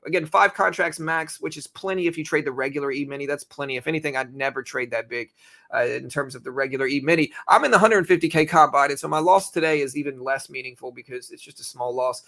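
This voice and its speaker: A young man hosting a live trading stream, talking casually and loosely, with lots of fillers and repeated phrases, and he has the hiccups. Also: a little high. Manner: relaxed, rambling, repeats himself, many fillers. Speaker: livestream trading host.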